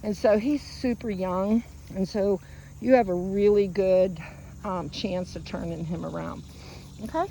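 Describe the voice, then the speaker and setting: A woman dog trainer coaching a client on a walk in a park, giving direct, encouraging instructions and bursting into high sing-song calls to the dog. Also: steady tone, a little slow, vocal fry, dark tone, slight background noise, low-quality recording. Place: outdoors in a park.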